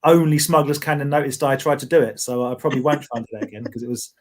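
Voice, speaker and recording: A man's voice: mid-range voice, steady tone, fast. A man co-hosting a casual toy chat, joking and poking fun at himself. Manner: jokey, self-mocking.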